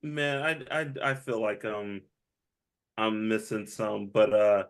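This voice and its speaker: A man co-hosts a movie podcast, reviewing films in casual chat, laughing often and animatedly acting out quotes. His voice is fairly low and smooth, and he takes his time.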